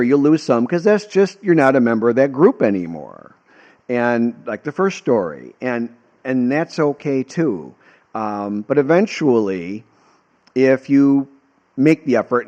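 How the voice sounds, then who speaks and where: A man's voice: medium pitch, darkish tone, lo-fi sound. An American man hosting a casual storytelling monologue, talking in an earnest, heartfelt and rambling way. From United States. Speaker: host.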